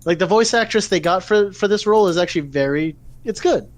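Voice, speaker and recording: A man with a somewhat high voice, chatting on a podcast and telling a story with lots of energy and cursing. He sounds close and dry on the mic, with no room around him. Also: fairly quick, no echo. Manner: animated, swearing storyteller. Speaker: podcast co-host. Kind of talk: casual chat, retelling an anime plot.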